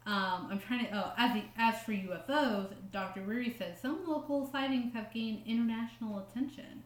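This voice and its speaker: A woman's voice: fairly high pitch, normal speed, echoey room. A woman co-hosting a casual podcast, reading quotes aloud with joking asides and frequent laughs. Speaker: podcast co-host.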